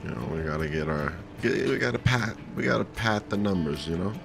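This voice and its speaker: A man's voice: lowish voice, expressive, brisk, creaky, over music. A tired young man with a groggy morning voice, rambling laid-back commentary while streaming a video game. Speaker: let's play streamer. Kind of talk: casual gameplay commentary.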